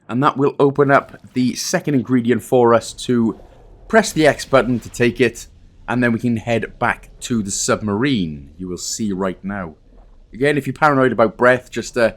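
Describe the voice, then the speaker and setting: A man from Wales hosting a casual game walkthrough, chatty and self-deprecating, with jokey asides. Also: medium pitch. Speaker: gaming guide host.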